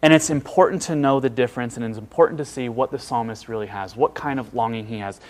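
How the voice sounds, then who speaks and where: A man preaching a sermon, earnest and emphatic, with dramatic pauses and hushed drops. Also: mid-range voice.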